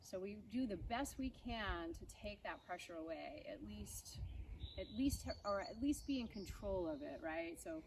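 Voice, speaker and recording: A woman horse trainer teaching riding outdoors, coaxing her horse with soft baby talk and explaining to viewers. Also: medium pitch, a little hiss or hum. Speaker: holistic veterinarian and horse trainer. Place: outdoors at a rural horse farm. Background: birds and outdoor ambience.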